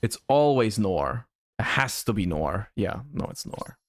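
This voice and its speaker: A man streaming a card game live, thinking his plays through out loud, with sudden excited outbursts. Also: fairly low pitch, measured pace, no echo, studio quality. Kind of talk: live-stream gameplay commentary.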